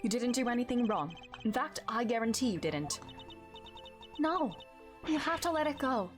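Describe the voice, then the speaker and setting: A woman reading the lines of a proud, formal male prosecutor in her own lively voice. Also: a little high, normal speed, faint music behind, lightly acted.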